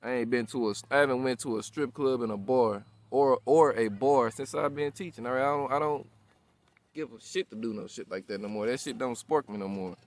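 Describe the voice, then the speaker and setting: A man's voice: medium pitch, brisk. A man in his thirties giving a loose, casual sermon in a slangy, profane way, constantly asking "all right?" and "you know what I'm saying?". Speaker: preacher. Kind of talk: casual street-style sermon.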